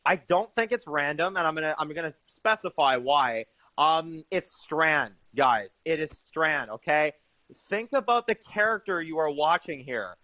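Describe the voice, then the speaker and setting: Young male reviewer, a bit high-voiced, enthusiastic and rambling, casual delivery. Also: lively intonation, a little slow, pushed and bright, no room sound. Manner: enthusiastic, rambling with many fillers. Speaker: TV episode reviewer.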